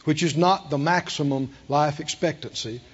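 A man's voice: a little high, moderate pace, slightly rough, dull audio. A man preaching a sermon, emphatic and repeating his phrases, with call-and-response to the congregation. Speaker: pastor.

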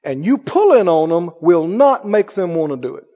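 A man's voice: big pitch swings, moderate pace, mellow, big-room sound, muffled recording. A man preaching a sermon with an emphatic, repetitive delivery, firing rhetorical questions at his congregation. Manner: mimics others in a higher voice.

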